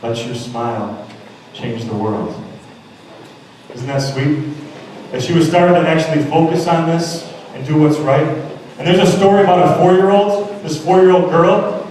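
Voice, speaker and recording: A man's voice: on the high side, darkish tone, slight background noise. A man giving a motivational speech at a school assembly, telling emphatic stories and acting out the quotes. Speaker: motivational speaker. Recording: echoey hall heard from far off.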